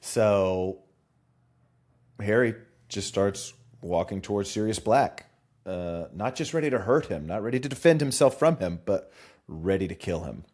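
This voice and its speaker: A man from the Southern US with a mild Southern accent, co-hosting a casual podcast chat, animated and quick to laugh. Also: fairly low pitch. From Southern US, Charlotte. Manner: animated, laughs often, slips into voices. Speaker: podcast co-host.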